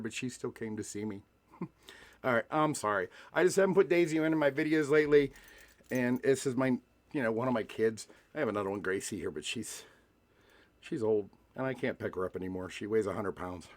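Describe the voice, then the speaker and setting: A man's voice: mid-range voice, lively intonation, brisk. A man vlogging casually to camera, joking and rambling with frequent restarts and asides.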